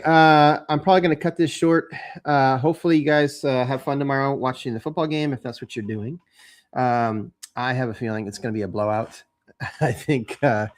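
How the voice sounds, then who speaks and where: A man hosting a homebrewing channel, talking casually to the camera in a rambling way, with lots of fillers and restarts. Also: medium pitch.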